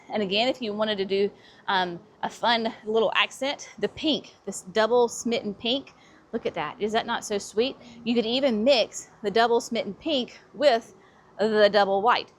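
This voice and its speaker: A woman hosts a casual garden center tour, chatty and eager as she shows off new plants. Her voice sits at a middle pitch. A light outdoor hum runs underneath. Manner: chatty and enthusiastic, says y'all often. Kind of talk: casual walk-through plant showcase.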